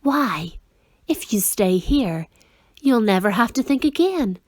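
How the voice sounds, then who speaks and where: A woman voicing a smooth-talking male demon of petty tasks, speaking slowly and coaxingly in a storybook reading. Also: fairly high pitch, sing-song, dry recording, studio quality, heavily acted. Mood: whispering coax. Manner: slow, deliberate, coaxing.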